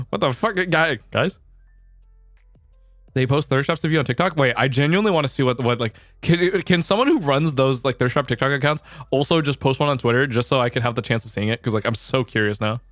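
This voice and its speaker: A man's voice: a little high, animated, quick pace, fairly bright tone, dry recording. A young man talks loosely into a close mic on a late-night stream. He rambles and restarts his sentences, with casual swearing throughout. The sound is dry, with faint music underneath.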